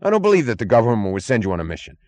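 A man voicing a blustering male prison chief who yells in frantic panic in an audiobook. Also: wildly swooping pitch, very fast, dry recording. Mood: agitated. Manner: shrill, yelling, frantic. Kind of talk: audiobook character voice.

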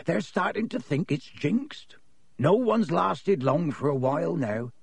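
A man voicing a huge, gruff but kindly gamekeeper who growls his words. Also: fairly high pitch, lively intonation, a little slow, no echo, pitched above the performer's own voice, heavily acted. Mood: hearty. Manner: growling, hearty.

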